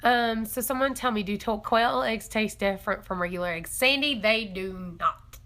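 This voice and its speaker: A young woman hosts a casual homestead live stream. Her voice is bright and ringing, and she chats along with frequent giggles while answering viewer comments. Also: medium pitch, moderate pace. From East Tennessee. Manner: chatty and giggly, reads viewer comments aloud. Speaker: homestead livestream host.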